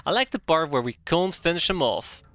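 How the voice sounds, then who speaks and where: A man's voice: fairly high pitch, expressive, fairly quick, a bit bright, faint music behind. A young man streaming a strategy game live, giving sarcastic, exasperated running commentary and muttering through his calculations.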